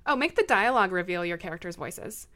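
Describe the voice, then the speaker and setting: A woman's voice: on the low side, animated, fast talker, fairly bright tone. A young adult woman in casual chat as a podcast co-host, explaining writing tips with lots of "um"s.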